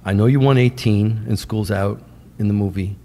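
Man doing a smooth persuasive rock manager, deep, calm, gravelly, New York accent, some hall echo. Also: natural voice. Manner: slow, easygoing and persuasive.

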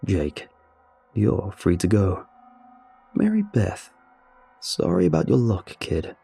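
A man voicing a cackling, sadistic masked ringleader who taunts his captives, muffled behind his mask, with a dark, husky tone. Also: sits low, huge pitch swings, takes it slowly, faint music behind, heavily acted. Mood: gloating.

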